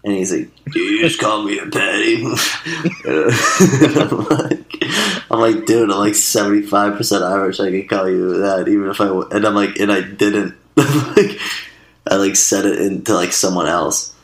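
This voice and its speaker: Deep-voiced young man joking in an echoey room. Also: a little slow. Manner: joking, rambling, lots of filler words. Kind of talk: casual chat.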